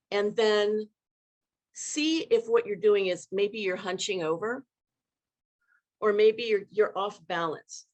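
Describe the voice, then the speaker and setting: A woman leadership coach speaks in a live online workshop, her pitch sitting in an ordinary middle range. She talks in an animated way and acts out different tones of voice as examples. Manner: animated, demonstrates vocal inflections.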